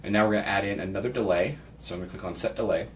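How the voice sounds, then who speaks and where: A man from Pittsburgh talks through a screen-share tutorial in a low, easygoing voice, thinking aloud and reading template text aloud as he goes. The mic sits a little far from him. A faint background hiss runs under the speech. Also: racing. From Pittsburgh, United States. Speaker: real estate agent giving a software tutorial. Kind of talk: casual screen-share walkthrough. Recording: slightly distant mic with faint background noise.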